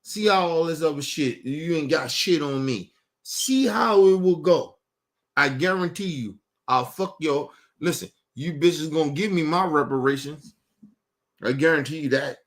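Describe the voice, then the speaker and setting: Man from Baltimore, show host, raised-pitch voice, blunt profane rant straight to camera, insistent and repetitive. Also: unhurried. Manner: emphatic, blunt, cursing, repeats himself; addresses viewers directly, urging them.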